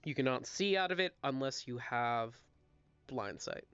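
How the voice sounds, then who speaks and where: A man's voice: mid-range voice, lively intonation, measured pace, a bit bright, smooth, dry recording, dull audio, faint music behind. A man narrating as dungeon master in a casual online tabletop game, talking loosely and apologizing now and then. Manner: casual, apologetic, coughing at times.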